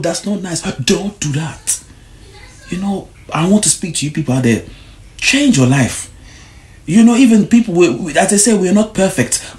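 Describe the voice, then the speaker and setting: A man's voice: high voice, a little mellow. Preachy man with swooping emphasis. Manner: preachy, repeats short warnings. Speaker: vlogger. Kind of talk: motivational monologue to camera.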